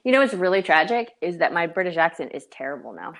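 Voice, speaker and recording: A woman's voice: on the low side, sing-song, fast talker, a bit bright. A woman from Tennessee with a light Southern accent, co-hosting a casual chat full of "like" and "um". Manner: chatty, fond of fillers like "like" and "um". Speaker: podcast co-host.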